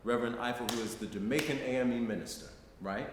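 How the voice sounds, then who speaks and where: A man's voice: medium pitch, fast. A middle-aged man telling personal stories in a conversational lecture, often checking in with "right?". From United States. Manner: conversational, frequent "right?" tags. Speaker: guest lecturer. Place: lecture hall, live audience. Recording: echoey hall, faint noise.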